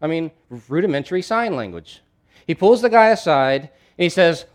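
A man's voice: fairly high pitch, expressive, moderate pace. A man preaching a sermon in a conversational, emphatic way, with asides and frequent restarts. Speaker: pastor.

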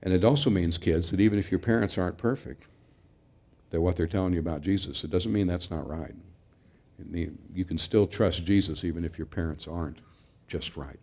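A middle-aged man delivers a sermon, his voice sitting a bit low. He talks earnestly, pressing hard on the points he wants to land. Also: brisk, darkish tone. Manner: earnest, emphatic, with occasional restarts. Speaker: pastor.

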